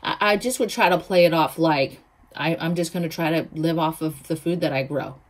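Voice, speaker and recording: Woman, vlog host, emphatic, repetitive, slightly low voice. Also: normal speed. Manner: emphatic, repeats herself, mocking asides. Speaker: prepping channel host. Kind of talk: casual talk to camera.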